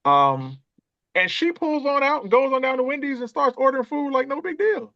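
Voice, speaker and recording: A man's voice: extremely high pitch, normal speed, gravelly, dry recording, dull audio. A man, a podcast guest telling a personal story in a conversational way and acting out the voices of the people in it. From Atlanta, USA. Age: 50s. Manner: animated storyteller who acts out quoted voices. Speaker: guest, author and chess coach.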